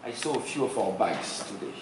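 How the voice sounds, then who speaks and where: A man's voice: fairly low pitch, expressive, a little fast, creaky, far from the mic, background noise. A man in his forties with a French accent, giving an informal, joking sales seminar talk in a hotel conference room. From France. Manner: informal, joking, quizzes the audience. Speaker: seminar speaker. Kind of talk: conference presentation. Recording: very echoey room, voice from afar.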